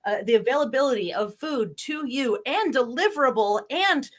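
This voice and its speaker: A woman from New Jersey hosting a casual chat over a video call, speaking in a warm, halting way with restarts. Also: high-pitched, expressive. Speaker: host.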